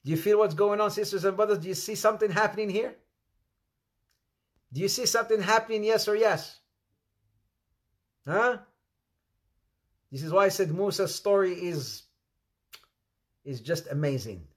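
Preacher, male, higher voice, sermon that swings from loud and quick to low and quiet. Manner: repeats questions to the audience, animated rises and drops.

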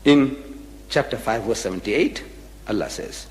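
A man's voice: on the low side, a little slow, darkish tone, big-room sound. A man giving a public religious lecture, emphatic, firing rhetorical questions and repeating his points.

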